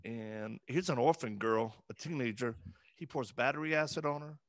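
A man telling his story as an interview guest, earnest and halting, with many fillers and restarts. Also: medium pitch, no echo. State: emotional, voice breaking at times. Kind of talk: conversational interview.

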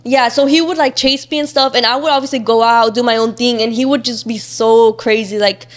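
A young woman in her twenties tells a personal story in a casual chat, her voice sitting a little high. She talks in quick run-on bursts, full of "like" and swear words. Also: fairly even intonation. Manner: fast chatty, heavy use of "like", swearing. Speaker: guest.

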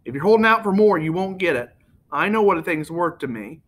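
A man voicing a rich American businessman who speaks softly and persuasively, with a faintly nasal tone. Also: high-pitched, lively intonation, fairly quick.

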